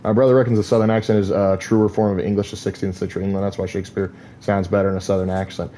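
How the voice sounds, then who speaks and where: A man's voice: sits low, level tone, rapid-fire, mellow, slight background noise. A man casually commentating on his gameplay, rambling through opinionated asides full of "like.". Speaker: gaming streamer.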